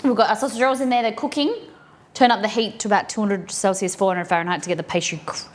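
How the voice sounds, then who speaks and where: A woman's voice: mid-range voice, fairly even intonation, fast talker. Chatty Australian woman cooking live on stream. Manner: chatty, rambling, talks to chat while cooking. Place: home kitchen set up as a studio.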